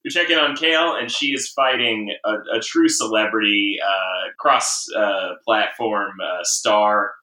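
A man's voice: on the low side, a little slow, hardly any pauses, sharp tone, far from the mic. A man hosting a podcast, recapping in an easygoing chat with lots of "uh" fillers and frequent laughs. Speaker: podcast host. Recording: roomy echo, off-mic.

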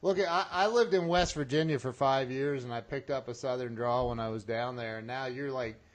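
A man's voice: medium pitch, normal speed. A man hosting a podcast interview, enthusiastic and laughing often, starting his sentences over. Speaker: podcast host. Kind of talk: casual interview chat.

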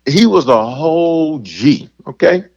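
A man, a bishop and pastor, talking about love in a lively, preacherly way with playful asides. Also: a little high, slow pace, creaky, muffled recording. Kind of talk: preaching in casual conversation.

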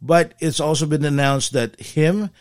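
A man's voice: a little high, a little slow, no room sound, studio quality. Hesitant man hosting a podcast. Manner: hesitant, many fillers and restarts, playful. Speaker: podcast host. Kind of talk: casual chat.

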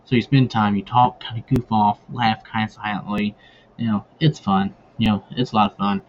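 A man hosts a hunting podcast, telling casual stories in a lowish, steady voice at normal speed, rambling with many fillers and restarts. The recording is dull and lo-fi with faint ambient noise.

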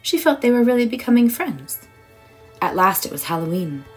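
A woman reading a children's storybook aloud in an expressive, warm way. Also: on the high side, normal speed, low-quality recording. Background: soft music.

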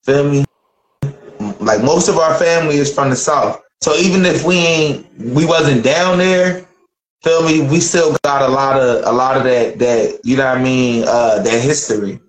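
A man's voice: medium pitch, moderate pace, roomy sound, poor audio. A man with a Philadelphia accent, chatting casually in laid-back slang and laughing often. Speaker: show regular. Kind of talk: casual chat.

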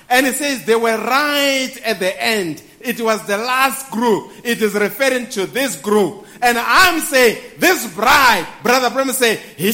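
A man preaching a sermon to a congregation, building to shouted peaks and then dropping soft and low.

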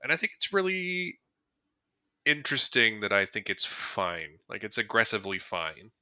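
A man's voice: fairly low pitch, big pitch swings, normal speed, bright, forceful tone, smooth, dry recording, studio quality. A man co-hosting a movie podcast, talking casually and rambling with lots of fillers and chuckles. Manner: laid-back, rambling, frequent fillers and chuckles. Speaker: podcast co-host. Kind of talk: casual movie review chat.

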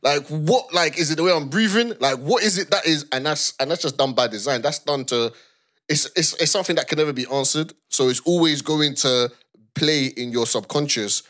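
A man's voice: medium pitch, moderate pace, a bit bright. A man co-hosting a casual podcast, reflecting and explaining points through acted-out example exchanges. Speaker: podcast co-host.

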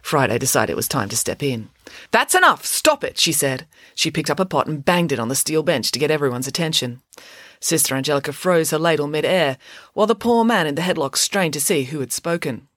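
A woman narrating a storybook in a lively, expressive reading voice. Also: sits low, quick pace, no room sound, clean studio sound. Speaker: audiobook narrator.

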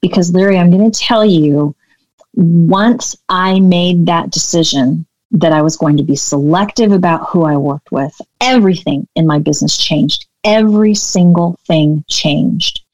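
A woman business coach telling a story in a podcast interview, animated and acting out the dialogue. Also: lowish voice, a little slow, dry recording, lo-fi sound.

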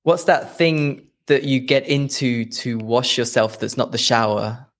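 A chatty man with an English Midlands accent, talking casually as a podcast guest. He laughs easily and jumps his voice up high when he acts out what others say. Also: steady tone, unhurried. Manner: chatty, laughs often, acts out quotes in a higher voice. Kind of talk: casual chat.

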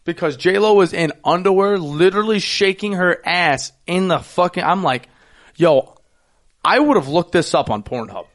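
A young man co-hosting a crude, casual podcast chat. He is loud and excitable, jumps high when worked up and laughs often. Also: moderate pace.

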